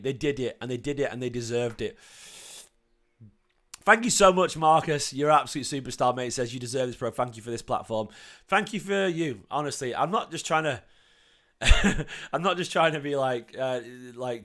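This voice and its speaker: A young man with a slight cough, hosting a casual fan livestream and reading out chat messages in an excitable, emotional, chatty way. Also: medium pitch. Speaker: fan channel host reading live chat.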